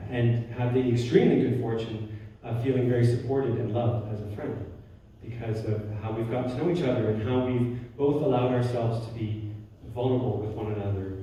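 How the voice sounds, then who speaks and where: A man gives a warm, storytelling spiritual talk, often restarting his sentences. His mellow voice sits back from the microphone in a strongly echoing hall, with a faint hiss of room noise underneath. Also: mid-range voice. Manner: warm storytelling with frequent restarts and soft laughs. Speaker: guest speaker. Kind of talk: spiritual talk with personal stories. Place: church hall. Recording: roomy hall from far off.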